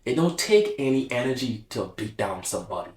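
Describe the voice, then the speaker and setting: A man's voice: mid-range voice, very animated, brisk, echoey room, rough recording. A man speaking casually to camera in a reflective, heartfelt monologue, slangy and open. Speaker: vlogger.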